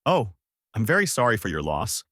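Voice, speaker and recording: A man's voice: on the low side, wildly swooping pitch, normal speed, sharp tone, dry recording, studio quality, full character voice. A man voicing a lecherous, playful old male martial arts master with a drawling, hesitant delivery.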